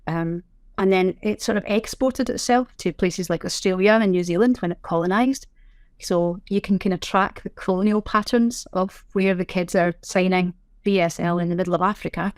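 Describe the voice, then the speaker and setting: A woman with a Scottish accent, a sign language interpreter being interviewed in casual chat, self-deprecating with quick asides. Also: fairly low pitch, steady tone, darkish tone, no echo, clean studio sound. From Scotland.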